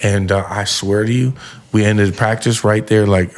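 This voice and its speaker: A man's voice: lowish voice, steady tone, normal speed, a little mellow. A man hosting a podcast, telling a personal story in an earnest, heartfelt way. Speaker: podcast host. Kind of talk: casual podcast conversation.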